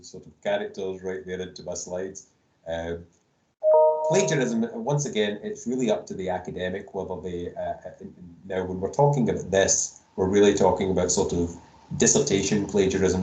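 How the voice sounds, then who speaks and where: A man's voice: deep voice, dark tone, roomy sound, a little hiss or hum, low-quality recording. A man giving a casual induction lecture to new students, rambling with lots of fillers and restarts and dropping jokes. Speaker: university lecturer. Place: online meeting recording. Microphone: computer mic on a video call.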